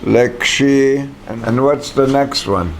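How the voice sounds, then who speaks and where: A man's voice: on the low side, slow, creaky, a little hiss or hum. A man teaching a language class, patiently saying words aloud for the students to repeat.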